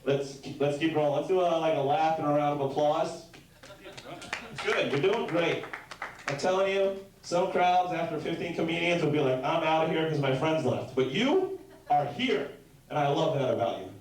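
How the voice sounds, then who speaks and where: A young man doing a stand-up set with a slightly high voice, heard from back in a very echoey club room. He tells rambling deadpan stories and now and then bursts into shouted bits. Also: normal speed, far from the mic. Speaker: stand-up comedian. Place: comedy club stage.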